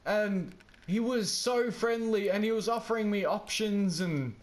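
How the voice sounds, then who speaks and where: A man with a slightly high voice chats casually as he plays a game. He tells his story in a rambling, self-deprecating way and drifts off on tangents. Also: unhurried. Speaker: gaming vlogger.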